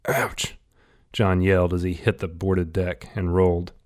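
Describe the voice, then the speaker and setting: A man reading a novel aloud in steady, scripted audiobook narration. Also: deep voice, normal speed.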